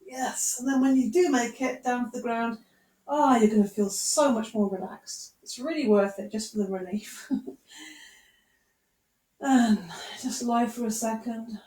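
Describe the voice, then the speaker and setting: Yoga teacher, woman, a little high-voiced, soothing and encouraging, recorded from across an echoey room. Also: far from the mic. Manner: gentle, encouraging, unhurried cues. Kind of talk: guided yoga instruction.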